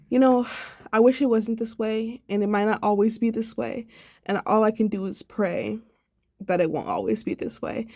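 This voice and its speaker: A woman's voice: mid-range voice, darkish tone, dry recording. A sad, subdued young woman in a personal video diary, talking reflectively and rambling with many fillers. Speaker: vlogger.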